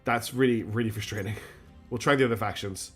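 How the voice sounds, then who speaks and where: A man's voice: lowish voice, brisk, fairly bright tone, slightly rough, soft background music. A man streaming a strategy game, chatting and thinking aloud in a casual, self-deprecating way. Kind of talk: live game commentary.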